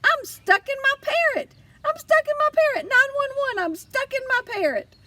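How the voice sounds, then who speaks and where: Woman reading as a dramatic little girl, high squeaky voice, bouncy and loud, slightly off-mic. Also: sing-song, moderate pace, recorded from a distance, exaggerated voice. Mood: panicked. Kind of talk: audiobook character voice.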